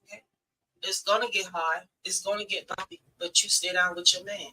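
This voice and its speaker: A woman's voice: on the low side, flat delivery, moderate pace, sharp tone, far from the mic, poor audio. A woman giving blunt, preachy relationship advice in a casual live stream, talking straight to women viewers.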